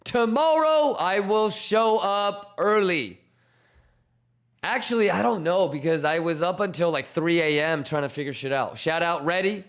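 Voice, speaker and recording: A man hosting a casual crypto trading livestream, reading out chat names with loose, slangy, hyped shout-outs. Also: sits high, unhurried.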